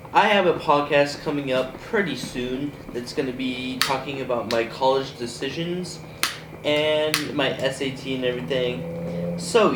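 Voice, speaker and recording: A teenage boy hosting a casual podcast chat with his brother, rambling and often laughing. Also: medium pitch. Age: teens. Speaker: host. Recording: echoey room, distant mic, noisy.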